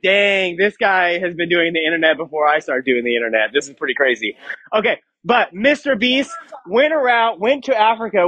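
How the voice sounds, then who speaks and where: Chatty high-voiced youth pastor. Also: male voice, fairly bright tone, no echo, muffled recording. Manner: joking, chatty, asks the crowd questions. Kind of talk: casual youth sermon. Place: church youth room.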